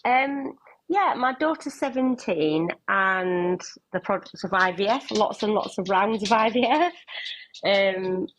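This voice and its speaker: A woman's voice: mid-range voice, expressive, unhurried, fairly bright tone, rough recording. A woman calling in to a live stream, a mother who gets flustered and stumbles over her words. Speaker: caller, parent. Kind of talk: casual chat.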